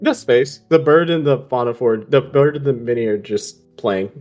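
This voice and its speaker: Animated man playing a tabletop game. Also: mid-range voice, normal speed, soft background music. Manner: animated, stammering, joking. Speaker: tabletop player. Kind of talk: casual in-character tabletop play.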